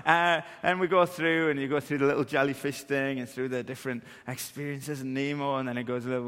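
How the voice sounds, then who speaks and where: Preacher telling stories in a big hall. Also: male voice, medium pitch, fast talker, few pauses, clean tone. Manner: animated, self-deprecating, acts out scenes. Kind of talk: humorous sermon storytelling.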